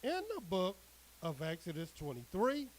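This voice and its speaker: Male preacher, high voice, very lively pitch, emphatic sermon cadence. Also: normal speed, low-quality recording. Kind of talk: sermon with scripture reading.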